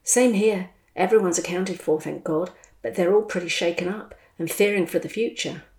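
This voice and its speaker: A woman voicing a chatty, blunt expat man, talking in a lively, slangy way. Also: lowish voice, normal speed, close to an everyday voice. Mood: matey. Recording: roomy echo.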